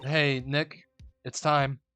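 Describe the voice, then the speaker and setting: A man voicing an excitable young female assistant in a video game, eager and jumpy. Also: mid-range voice, slow pace, soft background music.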